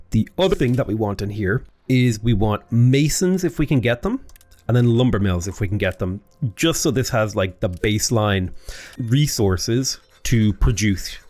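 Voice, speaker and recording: A man's voice: on the low side, darkish tone. A man chatting his way through a strategy game as a YouTuber, rambling and breaking off mid-sentence. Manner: chatty, rambling, self-interrupting.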